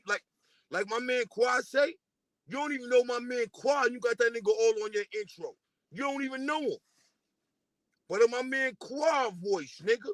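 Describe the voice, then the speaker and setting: New guy ranting and roasting someone, high pitched voice, super dry close sound. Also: moderate pace, no room sound. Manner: taunting, profane, repetitive. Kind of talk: casual diss rant.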